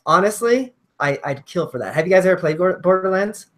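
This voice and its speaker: A man's voice: high-pitched, expressive, brisk, a bit bright. A man hosting a casual gaming podcast, easygoing and steering the topics. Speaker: podcast host.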